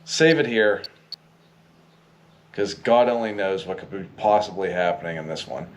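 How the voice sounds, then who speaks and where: A man's voice: low-pitched, normal speed, a little hiss or hum. A man giving casual, chatty commentary while playing through a video game, often exasperated at its difficulty. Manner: chatty, exasperated, exclaims at failures. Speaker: gameplay walkthrough host.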